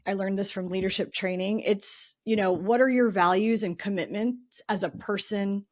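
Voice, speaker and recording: A woman's voice: mid-range voice, fairly even intonation, normal speed. A middle-aged woman speaking as a guest in a casual podcast interview, chatty and thinking aloud with plenty of filler words. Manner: chatty, lots of "um" and "you know", thinks aloud. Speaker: podcast guest, real estate investor.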